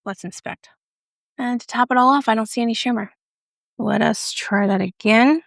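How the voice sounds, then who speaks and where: A chatty woman talks through a makeup review in a playful, joking way. Her voice carries a gravelly edge of vocal fry, and it sounds dry and close, with no room echo. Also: a little high, moderate pace. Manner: playful, chatty, jokey asides. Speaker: beauty vlogger.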